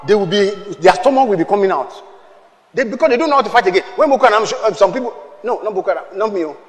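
A male pastor preaches an emphatic, expressive sermon at a very fast pace, his high voice punching key lines up to a shout. He calls on the congregation to repeat after him in call-and-response, and a long reverb trails every phrase.

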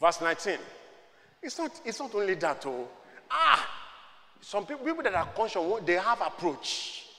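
A man with a Nigerian accent preaching a sermon, swinging from quiet talk to shouting and slipping into Yoruba. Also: high voice, very animated, normal speed, big-room sound. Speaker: pastor.

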